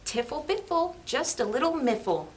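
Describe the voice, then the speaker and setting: A woman's voice: high voice, very animated, normal speed, a little hiss or hum, pitched above the performer's own voice. A woman voicing a small, playful bluebird girl in a storybook, who makes up silly sounds. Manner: playful, nonsense-chanting.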